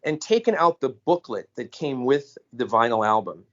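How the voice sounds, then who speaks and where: A man's voice: medium pitch, normal speed. An American man and podcast co-host, telling stories in a casual chat and acting out quoted lines. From United States. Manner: animated storyteller, acts out quoted voices. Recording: dull lo-fi audio.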